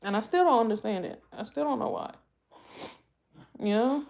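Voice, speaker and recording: A woman vlogger in emotional casual talk, halting and tearful, often repeating herself as she speaks. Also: fairly high pitch, lively intonation, creaky, darkish tone. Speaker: vlogger host.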